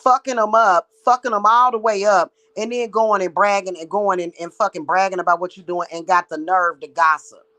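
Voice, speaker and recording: A woman's voice: medium pitch, fairly even intonation, brisk, few pauses, fairly bright tone, poor audio. Woman ranting bluntly with heavy profanity. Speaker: psychic reader and spiritual practitioner. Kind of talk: ranting vlog monologue.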